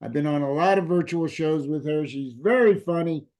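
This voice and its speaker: A man hosting a comedy show over a video call, giving slow, easygoing introductions to the comedians. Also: on the high side, darkish tone. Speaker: host.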